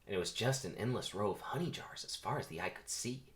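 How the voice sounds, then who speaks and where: A man's voice: lowish voice, lively intonation, quick pace, natural voice. A man voicing an earnest young male bee in a voice close to his own, reading a cartoon script aloud.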